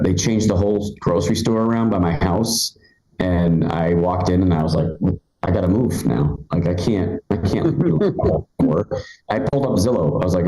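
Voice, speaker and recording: A man's voice: low-pitched, warm tone, echoey room, slight background noise, rough recording. Rambling stand-up man in his forties. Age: 40s. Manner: chatty, rambling, loose with fillers and restarts. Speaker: stand-up comedian. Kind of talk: live stand-up set. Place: comedy club stage.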